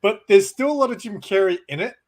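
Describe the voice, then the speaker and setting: A man with a notably high voice chats about things he loves with real enthusiasm. He tells stories eagerly and laughs easily. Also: expressive, quick pace. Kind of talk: casual chat.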